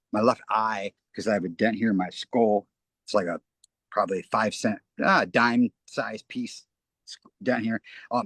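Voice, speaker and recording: A man's voice: fairly low pitch, fairly bright tone, slightly rough, dry recording. A man talking as an interview guest, rambling earnestly and often restarting his phrases. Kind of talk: casual spoken interview.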